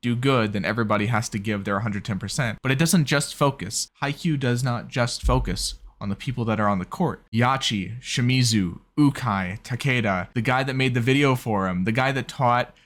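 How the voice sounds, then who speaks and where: A man's voice: mid-range voice, moderate pace, hardly any pauses, fairly bright tone. A man hosting an anime reaction video, talking in earnest and gushing, with a habit of rambling on. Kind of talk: casual reaction commentary.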